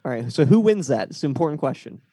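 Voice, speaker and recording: A man's voice: mid-range voice, sing-song, fast, dark tone, husky, no echo. A man co-hosting a casual sports podcast, reading out matchups and steering the chat. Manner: reads out matchups, leading the talk. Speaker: podcast co-host.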